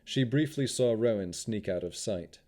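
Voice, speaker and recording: A man narrating a fantasy audiobook with expressive storytelling. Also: lowish voice, normal speed.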